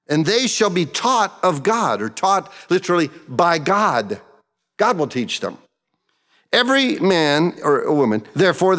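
A pastor teaching a verse-by-verse sermon in an animated way, acting out the mutterings of the crowd. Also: male voice, a little high, in a large hall. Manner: animated, acts out grumbling voices.

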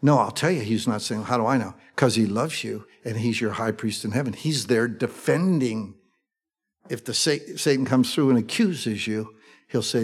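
A man's voice: medium pitch, moderate pace, slightly rough. A man preaching a sermon with fervor, throwing rhetorical questions to his listeners. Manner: fervent, rhetorical questions to the congregation.

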